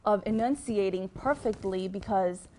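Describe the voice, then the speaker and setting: A young TV news reporter with a Miami accent chats casually with students, offering advice full of "um"s and restarts. Her voice is medium-pitched and slightly mellow, at a moderate pace.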